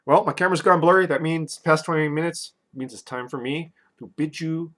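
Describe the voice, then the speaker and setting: A drunk man rambling loosely through a casual liquor review vlog, swinging between loud and soft. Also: a little high, a little fast.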